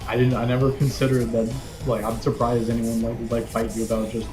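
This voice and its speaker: A man's voice: medium pitch, monotone, fairly quick, music in the background. A young man chatting casually on a stream, rambling and hedging with lots of "like". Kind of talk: casual chat.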